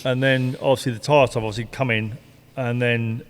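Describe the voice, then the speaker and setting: A man's voice: mid-range voice, level tone, brisk. Older man, retired racer, rambling anecdotes with laughs; long reverb. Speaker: retired stock car driver. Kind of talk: casual storytelling interview.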